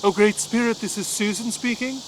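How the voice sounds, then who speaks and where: A man voicing a woman who makes a quiet, formal confession at a prayer circle in a storytelling monologue. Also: high-pitched, fairly even intonation, a little fast, a little hiss or hum, voice pushed up, close to an everyday voice, poor audio. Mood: solemn.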